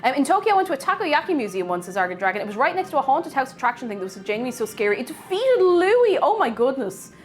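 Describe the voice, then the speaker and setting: A woman's voice: high-pitched, very animated, fast talker, hardly any pauses, soft background music. A woman chatting casually with her live-stream chat while baking in her home kitchen, bubbly and reading out and answering messages.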